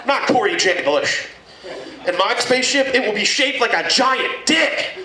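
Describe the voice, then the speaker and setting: A man performing a crude, animated stand-up comedy set in a packed club. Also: very high voice, unhurried, recorded from a distance. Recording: echoey room mic'd from afar, loud crowd laughter.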